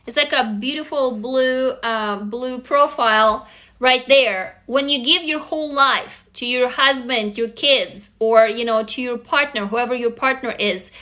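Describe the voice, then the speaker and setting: Bright, high-voiced woman in her forties. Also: unhurried. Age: 40s. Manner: emphatic and frank, often swearing, reads viewer comments aloud. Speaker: live stream host leading a writing group. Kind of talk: casual live stream talk.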